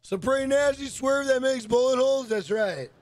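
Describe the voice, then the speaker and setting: A man's voice: very high-pitched, moderate pace. A young man giving casual let's play commentary, profane, hot-tempered and rambling as he reacts to the game. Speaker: gaming streamer. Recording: steady background noise.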